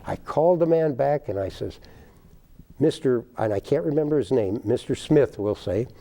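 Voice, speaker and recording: An older man spins a folksy tale with a lively, swooping voice that rises high when he gets excited. His tone is dark and mellow. He acts out the people in his stories as he goes. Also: normal speed. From United States. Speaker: guest, baker. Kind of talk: storytelling in a TV interview.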